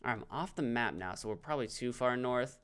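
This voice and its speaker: A man speaks a little fast in an animated, medium-pitched voice with a clean, fairly bright tone. On his live stream, he chats casually about how he's playing, mocks himself, and reads viewer comments aloud.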